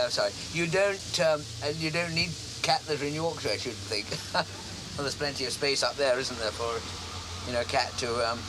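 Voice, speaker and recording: A man's voice: fairly high pitch, background noise, natural voice. An actor in his forties playing a meek, fussy son in a studio sitcom, flustered and apologetic. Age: 40s. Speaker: grown son. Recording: studio audience laughter. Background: audience laughter.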